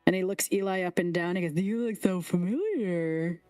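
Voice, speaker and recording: A woman's voice: on the low side, normal speed, mellow, no echo, natural voice. A woman voicing a fawning, flustered male frog-folk king with a gushing, theatrical manner and little gasps.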